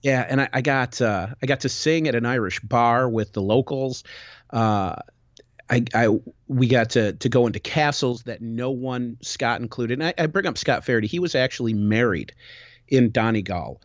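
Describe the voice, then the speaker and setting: A man's voice: mid-range voice, normal speed, dry recording. Rambling man telling a travel story. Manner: animated, rambling with many restarts. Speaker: podcast host. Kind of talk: casual storytelling chat. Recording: dull, dry lo-fi recording.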